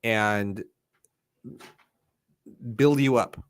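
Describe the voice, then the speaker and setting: A man co-hosting a casual talk show, speaking in a measured, direct, dry way. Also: lowish voice, a little hiss or hum. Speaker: podcast co-host. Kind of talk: casual chat.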